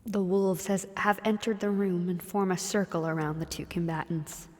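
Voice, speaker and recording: A woman co-hosting a let's play, reading the game narration aloud in an even, measured way with casual asides. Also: on the low side, in a large hall.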